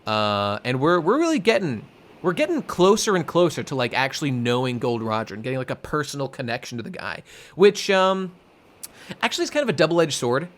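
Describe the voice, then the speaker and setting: A young man co-hosting a podcast in casual chat, rambling excitedly with many fillers and some swearing. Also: mid-range voice, brisk. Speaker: podcast co-host.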